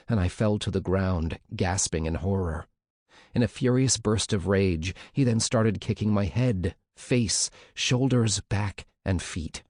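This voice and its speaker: Low-voiced man narrating an audiobook. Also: darkish tone, no room sound, studio quality. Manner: measured first-person storytelling. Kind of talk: scripted narration.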